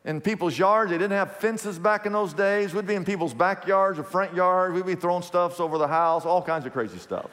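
A man preaching a sermon as a pastor, telling stories in an animated way and repeating his phrases. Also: high voice, brisk, hardly any pauses, big-room sound. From Kansas, USA.

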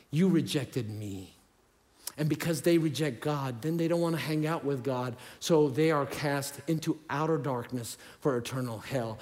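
A man preaching a sermon in a church, animated and humorous, using casual slang and swinging from loud outbursts to hushed near-whispers. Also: sits high. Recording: long hall reverb.

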